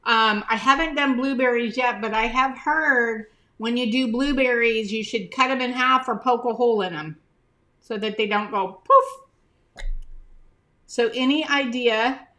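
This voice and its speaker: Slow-talking chatty woman streaming live. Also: on the high side, pushed and bright. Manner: chatty, greets viewers by name, shows items to camera; talks with her mouth full at times. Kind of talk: casual live stream chat.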